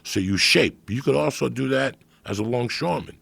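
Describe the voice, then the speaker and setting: A man's voice: mid-range voice, moderate pace, fairly bright tone, dry recording. A middle-aged man, a comedian guest, telling stories in a blunt, profane, streetwise way. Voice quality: gravelly, raspy. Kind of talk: casual storytelling.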